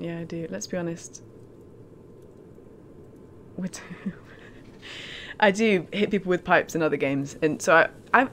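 A woman's voice: low-pitched, slight background noise. A woman chatting casually on a live stream as she plays a game, in a self-mocking way.

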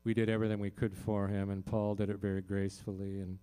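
A man's voice: on the low side, little pitch movement, fast, mellow, clean tone. A man, a singer-songwriter on a concert stage, telling a heartfelt personal story to a live audience with many fillers and restarts.

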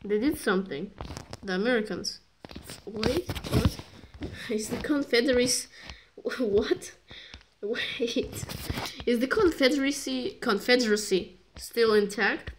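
A woman's voice: fairly high pitch, takes it slowly, pauses often. A woman reviewing a strategy game in rambling, joking commentary that keeps interrupting itself. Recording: noisy recording with clicks.

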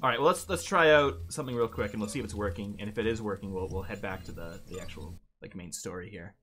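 A man hosting a live game stream, joking quickly and poking fun at the game as he plays. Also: on the low side, fairly bright tone. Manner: quick, joking, playful indignation. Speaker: host and player. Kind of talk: casual gameplay commentary.

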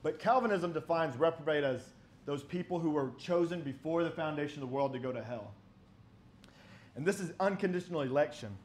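A man with a notably high-pitched voice delivers an emphatic, argumentative sermon. He poses rhetorical questions and reads old-style scripture passages aloud. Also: a little fast, a little hiss or hum. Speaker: preacher.

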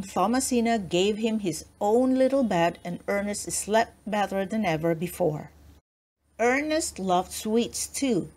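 A woman reading a children's storybook aloud, with gentle storytelling and voices for the characters. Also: mid-range voice. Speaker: children's book reader.

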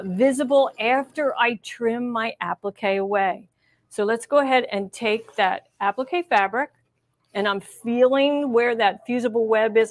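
Her voice a little high, a middle-aged woman teaches machine embroidery in a live demonstration. She's chatty and reassuring, thinking aloud as she works.

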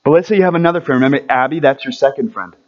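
A man giving a children's story at a church service, friendly and animated, asking the kids questions as he goes. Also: mid-range voice, racing, dull audio.

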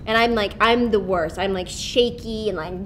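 A young actress chatting and giggling through a convention panel Q&A, with lots of fillers. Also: female voice, mid-range voice, normal speed, crowd noise. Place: convention hall.

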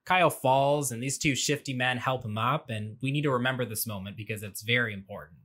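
A man's voice: medium pitch, brisk, fairly bright tone, slight background noise. A man recapping a movie for laughs, with sarcastic, wry asides. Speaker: movie commentary host. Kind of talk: comedic movie recap narration. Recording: audio glitch.

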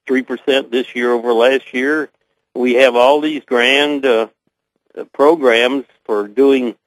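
An older man with a Southern US accent, answering as an interview guest over a voice link, pausing often with fillers. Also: medium pitch, dry recording, rough recording. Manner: hesitant, many pauses and fillers.

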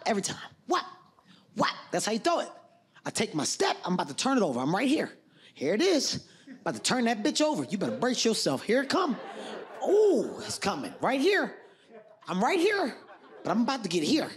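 A man doing animated stand-up storytelling with shouted bits. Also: sits high. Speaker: stand-up comedian. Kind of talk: stand-up set. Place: theater stage with audience. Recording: stage mic with loud audience laughter.

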